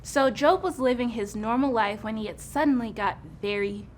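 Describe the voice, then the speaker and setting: A woman telling a Bible story to children in a patient, gently teasing manner. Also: a little high, moderate pace.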